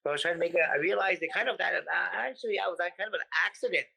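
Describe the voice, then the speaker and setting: Gravelly, animated man telling stories. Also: high voice, very fast, low-quality recording. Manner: animated, profane, acts out stories. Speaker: podcast guest, comedian. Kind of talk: casual interview chat.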